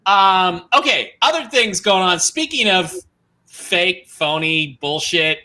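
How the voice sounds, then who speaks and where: Man, talk show host, sarcastic, profane, very bright tone, slightly high pitch. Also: animated, takes it slowly. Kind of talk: casual talk show banter.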